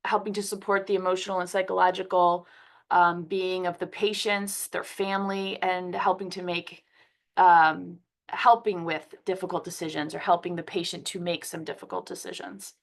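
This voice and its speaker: A woman's voice: lowish voice, flat delivery, normal speed. A woman from Philadelphia, a physician who has a cold, giving a conversational webinar lecture over a computer mic. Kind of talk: webinar presentation.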